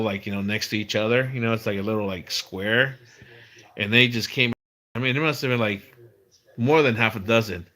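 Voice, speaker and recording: A man's voice: medium pitch, sharp tone. Rambling man telling stories on a livestream. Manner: rambling storytelling with many restarts and fillers. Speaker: livestream host. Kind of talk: casual livestream chat.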